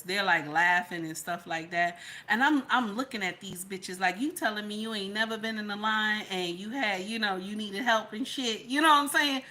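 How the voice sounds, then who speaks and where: Speaking at a medium pitch, this middle-aged woman hosts a commentary channel where she preaches at her audience. She drives her points home through repetition, shifting between loud passages and quiet ones.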